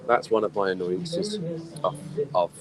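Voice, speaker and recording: A man's voice: fairly low pitch, unhurried, very noisy. A tipsy man ranting in a casual live stream from an outdoor poolside bar. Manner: animated, exasperated ranting. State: tipsy from drinking. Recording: music playing clearly behind.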